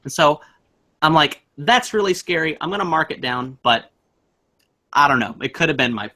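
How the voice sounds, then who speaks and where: Young man, bright forceful tone, animated casual ghost-story teller. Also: on the high side, moderate pace. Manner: animated, acts out voices in his story.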